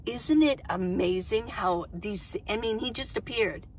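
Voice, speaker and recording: A woman's voice: medium pitch, measured pace, a little mellow, slight background noise. A woman in her sixties, a van-life vlogger, casually telling a story to camera in a chatty, rambling way, acting out what people said. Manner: chatty, rambling, acts out quoted dialogue.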